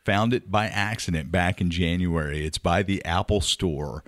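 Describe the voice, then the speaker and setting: A man with a very low voice hosts a casual podcast, talking up his favorite spots with lively enthusiasm and ribbing his co-hosts. His voice sits close and dry on the mic, with no room around it. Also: moderate pace, no echo. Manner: chatty, enthusiastic, teasing. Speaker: podcast host. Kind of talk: casual chat.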